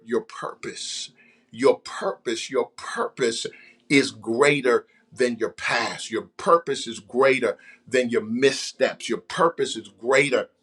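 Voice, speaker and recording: A man's voice: mid-range voice, fairly bright tone. A man preaching a sermon, repeating phrases and calling out to the congregation. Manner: preaching with repetition and call-outs to the congregation. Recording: faint music behind.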